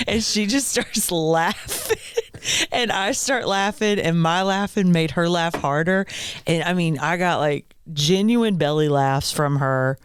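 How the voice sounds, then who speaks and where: A woman's voice: fairly low pitch, unhurried, clean tone, no echo. A woman in her thirties, expecting her second child, co-hosting a casual parenting podcast and telling stories with frequent laughter. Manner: animated storyteller, laughs often. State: pregnant, third trimester. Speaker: podcast co-host. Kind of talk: casual chat.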